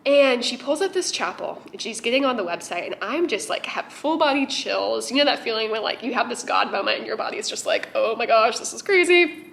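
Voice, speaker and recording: A young woman telling a personal story to camera in an excitable, chatty vlog style, with lots of "like". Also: a little high, a little fast, gravelly, a little hiss or hum. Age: young adult. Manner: chatty, excitable, heavy use of "like". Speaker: vlogger.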